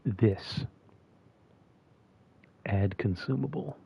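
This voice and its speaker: A man's voice: on the low side, extremely slow, gravelly, warm tone, slight background noise. A man casually thinking aloud as he plays a game, talking with a mint in his mouth. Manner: mumbly and musing, thinking aloud. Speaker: gameplay streamer. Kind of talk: casual gameplay commentary.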